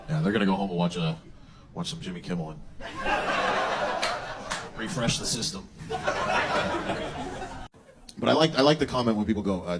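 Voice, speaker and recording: A man's voice: low voice, fast talker, pauses often. A man doing a stand-up comedy set, crude and mocking, swearing often. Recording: noisy live show recording.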